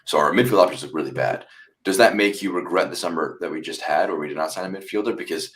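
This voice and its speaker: A man's voice: low-pitched, fast, a bit bright. A man hosting a casual football podcast, steering the talk with questions and passing to panelists by name. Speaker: podcast host.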